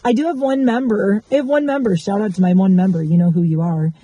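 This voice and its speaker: A woman with a very dark, mellow voice muses openly about her life in a confessional vlog. She rambles and circles back on her thoughts in a candid, reflective way. The sound is close and dry, with no room around it. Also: medium pitch, fast, no room sound. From Michigan. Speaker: vlogger.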